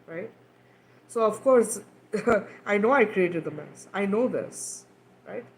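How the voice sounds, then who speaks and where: A woman of middle pitch talks to camera in an earnest, frank spiritual chat, with a faint hiss of noise under her voice. She keeps checking in with the listener as she goes. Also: animated, slow pace, rough recording. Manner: frank, checks in with the listener often ("right?", "okay?"); earnest and emphatic, swears casually. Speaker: mother of two daughters. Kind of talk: casual spiritual talk to camera.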